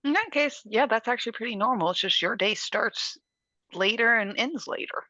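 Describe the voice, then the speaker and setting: A woman joins a casual podcast chat, matter-of-fact and reassuring. Her voice is bright and sharp, and it comes through a muffled, lo-fi mic. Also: a little high, lively intonation, moderate pace. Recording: dull lo-fi mic.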